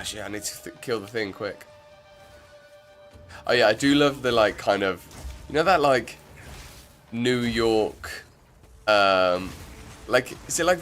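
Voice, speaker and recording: A man's voice: medium pitch, fairly bright tone. A man streaming a game, chatting casually and rambling with lots of filler words. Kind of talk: casual gameplay commentary.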